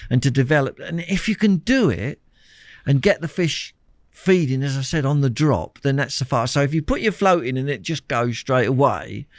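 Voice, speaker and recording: An older man, a champion angler telling anecdotes in an interview, animated, repeating words and laughing often. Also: mid-range voice, moderate pace, no echo, clean studio sound. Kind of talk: storytelling interview chat.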